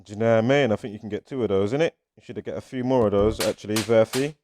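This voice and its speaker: Rapid-fire and on the low side, with a darkish tone, the British vlogger rambles casually and reels off strings of numbers while faint music plays.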